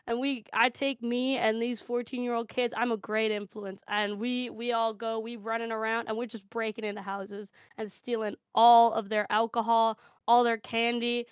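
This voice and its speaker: A woman improvising a crude, over-the-top comic story, brash and deadpan, swearing freely. Her voice sits a little high, smooth and clear. It is recorded close and dry, with no room sound. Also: moderate pace, few pauses, dry recording. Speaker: panelist.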